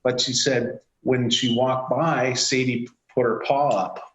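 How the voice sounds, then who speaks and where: A man's voice: medium pitch, slow pace, roomy sound, low-quality recording. A man, a company CEO, telling a story in an interview and acting out the quoted dialogue. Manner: animated, acts out quoted dialogue. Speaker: CEO guest. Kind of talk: anecdotal storytelling.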